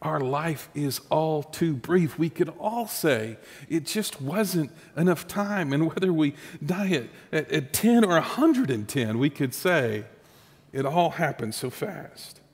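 A man's voice: fairly high pitch, animated, slow pace, darkish tone, breathy edge, long reverb tail. A man preaching a sermon as pastor, conversational and humorous, with asides to the congregation.

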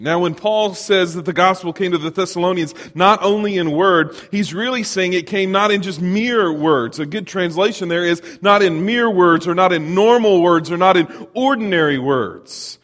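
A man's voice: sits high, moderate pace, hardly any pauses. Middle-aged male pastor, conversational sermon, echoing hall sound. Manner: storytelling, animated, conversational.

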